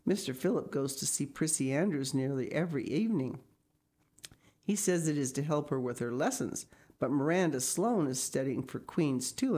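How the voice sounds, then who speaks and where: A woman's voice: a bass voice, dark tone, heavily acted. Woman voicing an eager chattering girl. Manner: eager, effusive, talkative. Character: chatty, imaginative young girl. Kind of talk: audiobook reading.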